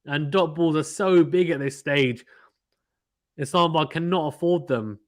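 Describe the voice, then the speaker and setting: A man from the United Kingdom hosting a casual live cricket watchalong, reading viewer comments aloud and getting excited at big shots. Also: on the high side, measured pace. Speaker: host reading live chat.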